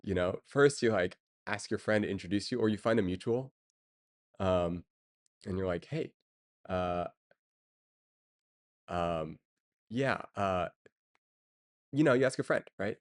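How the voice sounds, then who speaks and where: Lowish-voiced man chatting casually. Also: a little slow, long pauses. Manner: rambling, filler-heavy, chuckling. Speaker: streamer. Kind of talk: casual chat.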